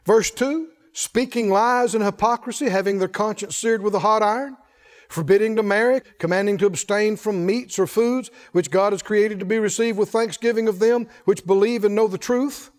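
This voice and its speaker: A male pastor preaching a sermon in an emphatic call-and-response style, shouting some refrains. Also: high-pitched, moderate pace.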